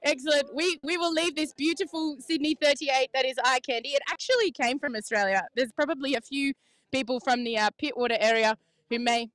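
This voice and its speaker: A woman's voice: sits high, brisk, fairly bright tone, no echo. A woman hosting playful, casual interviews with sailing crews outdoors on a marina dock, laughing often. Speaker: sailing reporter, host.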